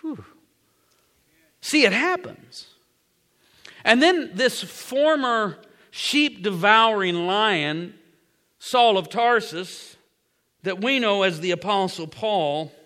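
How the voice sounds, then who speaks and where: High-voiced dramatic preacher. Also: male voice, expressive, slow, in a large hall. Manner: dramatic, repeats phrases, swings from whispers to loud. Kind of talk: sermon storytelling.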